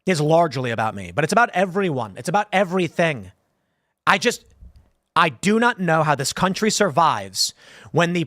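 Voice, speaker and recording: Rambling man in his thirties, lively pitch. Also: no echo, clean studio sound. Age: 30s. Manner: rambling, conversational, with frequent restarts and "like". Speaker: show host. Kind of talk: casual live-stream commentary.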